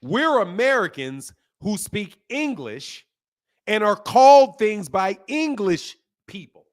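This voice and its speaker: Male stream host with a high voice. Heated, slangy, repetitive lecturer answering chat. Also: sing-song, takes it slowly. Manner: heated, lecturing, loose slang, repeats himself. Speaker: livestream host. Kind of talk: casual livestream talk, answering chat.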